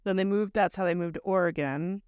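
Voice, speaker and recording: A woman's voice: fairly low pitch, fairly quick, a little mellow, clean tone, dry recording, studio quality. A woman co-hosting a podcast, recounting a story in long chatty chains and speaking bluntly, with mild swearing. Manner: conversational, recounting events in long run-on chains. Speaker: podcast co-host. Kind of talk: casual chat recapping a story.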